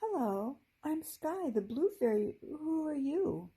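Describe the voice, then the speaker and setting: A woman voicing a tiny, weak young female fairy who speaks softly and sleepily. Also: sits high, very animated, takes it slowly, pitched above the performer's own voice, exaggerated voice. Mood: weak, sleepy. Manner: sleepy, soft and sweet.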